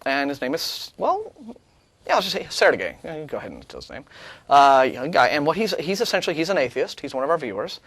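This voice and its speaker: A sarcastic man co-hosting a talk show, talking over an email with a voice that swings up and down a lot. His voice sits a little high and sounds close and dry, with no room behind it. He keeps stopping and restarting his sentences. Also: fast, no room sound. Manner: sarcastic, animated, restarts often. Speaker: co-host. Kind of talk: casual chat, reading and rebutting an email.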